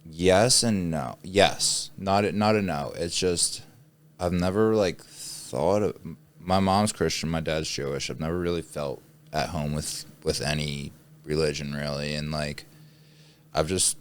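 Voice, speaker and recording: A man's voice: very deep voice, unhurried. A man hosting a podcast, talking in a loose, rambling way with casual swearing. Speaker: podcast host. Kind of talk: casual chat.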